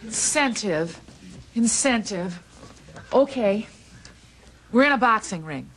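An actress playing a brassy, lazy sitcom housewife who talks in a sly, teasing drawl. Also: female voice, a little high, animated, slow pace, slight background noise, heavily acted. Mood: coaxing. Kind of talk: sitcom acting. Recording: loud studio audience laughter.

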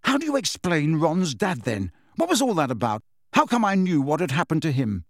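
A man voicing an agitated teenage boy wizard who speaks urgently and shouts, in an audiobook reading. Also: on the high side, wildly swooping pitch, moderate pace, no room sound, clean studio sound, voice pushed up. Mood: urgent, shouting.

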